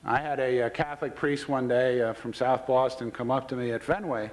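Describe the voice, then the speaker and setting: A man's voice: mid-range voice, steady tone, fairly quick, low-quality recording. A man who serves as baseball commissioner, giving a public speech full of anecdotes and delivering them with dry wit. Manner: storytelling with dry wit, retelling quoted dialogue.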